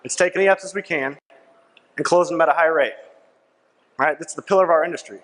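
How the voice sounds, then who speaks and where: This is a fast-talking young man, pitched fairly high with a fairly bright tone, pitching a product from the stage of a large conference hall. He hammers home key lines, repeats himself, and keeps tossing "right?" to the crowd while the hall's long reverb trails behind.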